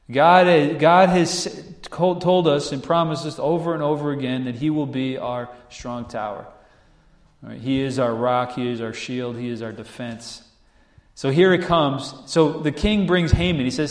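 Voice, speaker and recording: A man preaching a sermon, telling a story with lively acted-out voices and asking the listeners rhetorical questions. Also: medium pitch, unhurried. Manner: animated storytelling, acts out characters, asks rhetorical questions. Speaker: pastor. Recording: echoey room.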